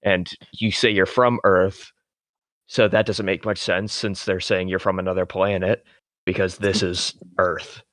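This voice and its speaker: A man's voice: sits low, level tone, a little slow, a bit bright, no room sound, clean studio sound. A man playing a tabletop game who talks hesitantly and stammers as his character. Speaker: player. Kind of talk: tabletop role-play.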